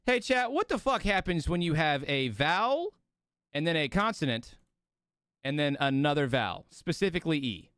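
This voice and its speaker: A man's voice: fairly high pitch, normal speed, smooth, dry recording, studio quality. A man hosting a casual live-stream watch party, rambling and swearing freely as he chats with his audience, sleepy and yawning. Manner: rambling, profane and animated.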